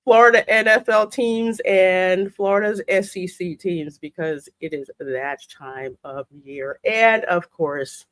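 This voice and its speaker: A woman hosts a casual live-stream chat, her pitch swooping up and down as she talks. She laughs often and keeps the energy high. Her voice sounds close and dry, with no room echo. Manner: lively, laughs often, Southern phrasing. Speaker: podcast host.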